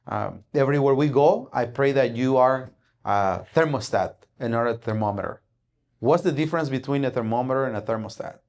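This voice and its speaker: A man giving a motivational talk, telling a parable in animated storytelling style, acting out the dialogue and often tagging lines with "right?". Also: mid-range voice, a little fast. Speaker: speaker at an investing event.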